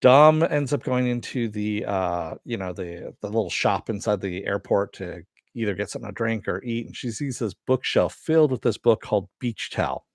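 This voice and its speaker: A man's voice: fairly low pitch, moderate pace, hardly any pauses, no echo, studio quality. A man casually recapping a TV episode, rambling along with lots of fillers. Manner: rambling, many "you know" and "uh" fillers. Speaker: TV episode reviewer.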